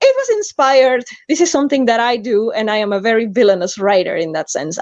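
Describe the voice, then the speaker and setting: Woman, writer chatting casually, playful and theatrical, fairly high voice, dry slightly dull audio. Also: lively intonation, brisk, a little mellow, dry recording. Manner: playful, theatrical, self-mocking. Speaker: writer and channel host. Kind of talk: casual video chat.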